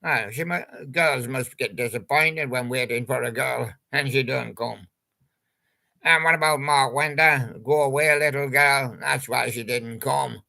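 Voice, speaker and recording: Slow, gravelly older Englishman rambling. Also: medium pitch, sharp tone. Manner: chatty, meandering, jokey wordplay. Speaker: channel host. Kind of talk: rambling casual monologue about old pop songs.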